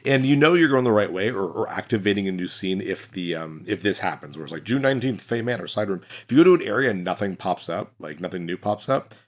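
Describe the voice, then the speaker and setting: A man's voice: sits low, animated, quick pace, hardly any pauses. A young man commenting while playing a game, chatty and musing, often restarting his sentences. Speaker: gaming let's-player. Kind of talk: let's-play commentary and reading game dialogue.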